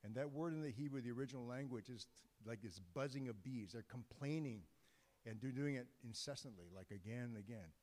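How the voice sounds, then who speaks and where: A man delivers a sermon in an easygoing, joking way, often breaking off and restarting his phrases. His voice sits at an ordinary middle pitch. The sound rings out with the long reverb of a large church sanctuary. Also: fast talker, darkish tone. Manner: informal, joking, conversational with restarts. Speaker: guest preacher.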